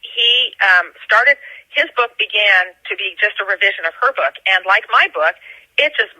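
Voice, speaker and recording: A woman's voice: medium pitch, animated, normal speed, pushed and bright, no echo, low-quality recording. A woman author from Georgia, telling stories in a casual interview. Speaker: author and guest.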